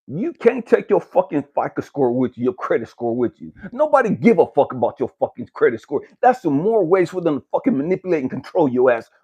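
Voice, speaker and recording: A man speaking as a spiritual life coach, giving a blunt, cursing motivational rant to the camera that builds to shouting. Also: fairly high pitch, sing-song, fairly quick, hardly any pauses, breathy edge.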